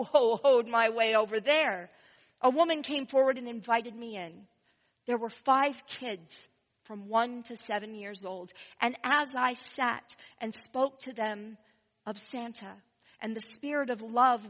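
A woman telling a first-person story, expressive and swinging between loud and hushed. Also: a little high, long reverb tail, low-quality recording.

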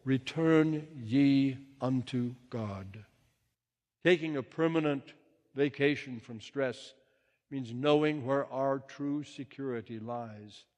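A man giving a gentle, reflective sermon as a minister, reading poems and quotations aloud. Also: on the high side. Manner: gentle, reflective, reads quotes and poems with rising intensity. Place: church sanctuary. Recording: long reverb of a large hall.

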